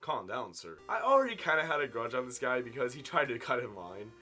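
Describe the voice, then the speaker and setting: A man in his twenties tells a casual story-time tale to his viewers, with big swings in loudness and pitch. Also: sing-song, quick pace, soft background music. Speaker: vlogger telling a story. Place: indoor room at home.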